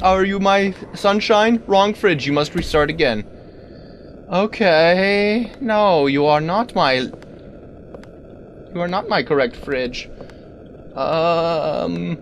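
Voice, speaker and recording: A man giving let's-play commentary on a game, animated and talking back to the things on screen with sudden exclamations. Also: on the high side, a little hiss or hum. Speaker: gaming video creator.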